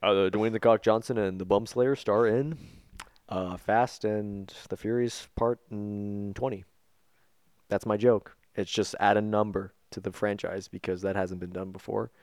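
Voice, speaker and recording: A man's voice: fairly low pitch, steady tone, measured pace, darkish tone, no room sound, clean studio sound. A man co-hosting a casual podcast chat, joking, swearing and laughing as he goes. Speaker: podcast co-host.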